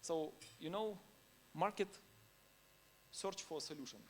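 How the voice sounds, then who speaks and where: A man's voice: a little high, slow pace, a little hiss or hum. A man giving a conference talk in non-native English, informal and anecdotal, laughing now and then between points. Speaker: conference speaker.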